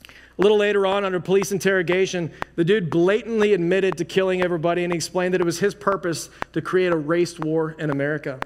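A man's voice: high voice, fairly even intonation, quick pace. A man preaching a sermon as pastor, in a casual, conversational way full of "like" and restarts. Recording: long hall reverb, faint noise.

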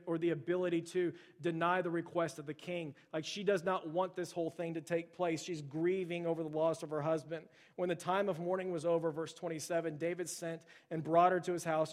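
A man preaching a sermon in a conversational way, often saying "like" and "right", and growing forceful when he quotes scripture. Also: on the high side. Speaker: pastor.

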